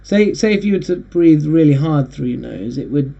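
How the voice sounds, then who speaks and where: A man hosting a casual monologue, rambling and halting with frequent restarts. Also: on the high side, lively intonation, gravelly, dark tone. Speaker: host. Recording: dull lo-fi recording.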